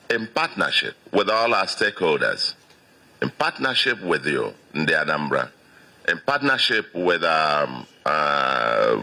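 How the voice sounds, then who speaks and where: A Nigerian man in his sixties delivers a victory speech as state governor, stressing his points by repeating them. His voice sits extremely low, yet it has a sharp, forceful brightness on top. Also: creaky. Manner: emphatic, repeats phrases for stress.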